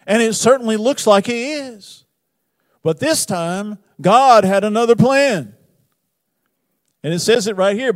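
A man preaching a sermon, retelling a Bible story with wry humor and big swings between loud emphasis and quiet asides. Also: high voice. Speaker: pastor.

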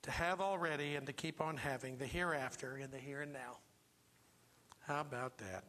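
A man's voice: medium pitch, moderate pace, bright, forceful tone, long reverb tail. A man pastor preaching a sermon, emphatic and full of rhetorical questions to the congregation. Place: church sanctuary.

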